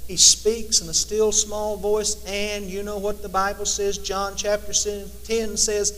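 A man delivers a sermon in a high voice. He swings between loud, emphatic lines and hushed, drawn-out ones, and a long reverb trails each phrase. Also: level tone, slight background noise. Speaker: preacher.

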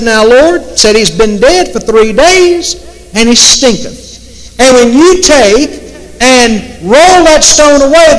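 A man preaching in a very high voice, drawing out his words slowly and with emphasis. He leans hard on the scripture he quotes. His voice rings through a hall with a long echo. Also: a bit bright. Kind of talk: sermon.

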